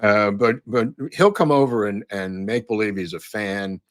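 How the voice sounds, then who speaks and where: A man with a lowish voice hosts a podcast at a moderate pace, chatting casually over photos and clips. He rambles with plenty of fillers and restarts, and there's no echo.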